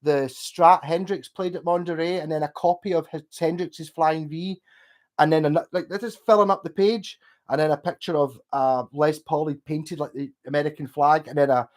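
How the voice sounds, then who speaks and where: A Scottish man rambles through a late-night livestream after a few drinks, swearing freely and ranting to the people watching. His voice sits a little higher than most men's. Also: steady tone, normal speed. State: drunk. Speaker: livestream host.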